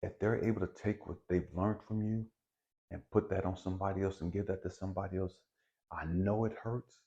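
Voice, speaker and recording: A man giving a blunt, profane, preachy motivational spiritual talk, swinging between loud emphasis and hushed lines. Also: deep voice, fairly even intonation, a little fast, muffled recording. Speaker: spiritual video host.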